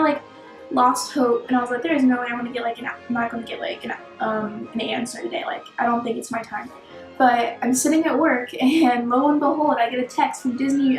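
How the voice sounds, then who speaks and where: A woman's voice: sits high, roomy sound, low-quality recording. A young woman vlogging in a bubbly, rambling way, full of fillers. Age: young adult. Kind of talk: casual chat to camera.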